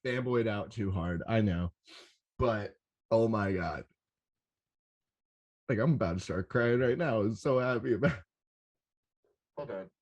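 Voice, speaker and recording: Excitable swearing rave podcast host. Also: male voice, on the low side, a little slow, long pauses. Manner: excitable, swears a lot, rambling and animated. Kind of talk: casual solo podcast recap.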